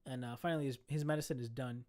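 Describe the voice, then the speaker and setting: A young man casually telling a story, animated and profane, full of slang. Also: mid-range voice, fast talker.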